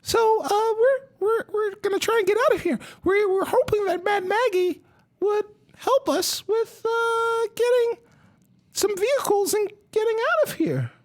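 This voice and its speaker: A man's voice: extremely high pitch, animated, unhurried, voice pushed up. A man voicing a cheerful, bubbly female character who stammers eagerly.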